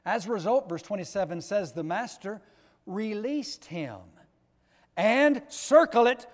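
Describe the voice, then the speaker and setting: A man preaching a sermon with slow, emphatic delivery, swinging between loud stressed words and soft low drops. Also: animated. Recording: long echo of a large hall.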